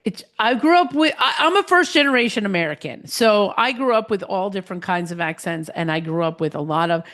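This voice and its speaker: A woman with a New Jersey accent hosting a podcast, telling stories in a chatty, animated way. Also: mid-range voice, a little fast. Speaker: podcast host. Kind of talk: casual chat.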